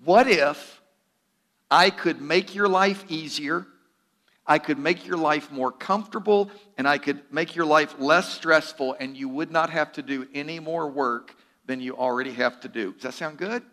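A man's voice: a little high, normal speed, sharp tone. A man preaching a sermon in an earnest, direct way, with a teasing humor and repeated words for emphasis. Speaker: pastor.

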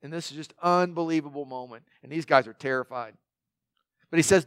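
A man's voice: fairly high pitch, a little fast, a bit bright, clean tone, no echo. A man preaching a sermon in a conversational way, with joking asides to the congregation. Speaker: pastor.

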